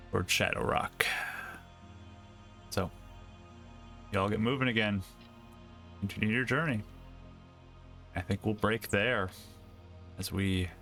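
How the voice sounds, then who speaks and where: A man, narrating a tabletop game as game master in a steady, friendly way. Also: lowish voice. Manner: steady, friendly, thanks the audience.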